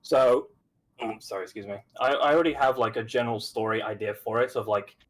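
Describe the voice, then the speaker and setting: A young man with a British accent, pitching a game design idea with earnest enthusiasm. He rambles and leans on fillers as he builds his thoughts. His voice sits at a medium pitch. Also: a little fast, low-quality recording. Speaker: game dev student pitching a game. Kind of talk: mock investor pitch on a stream.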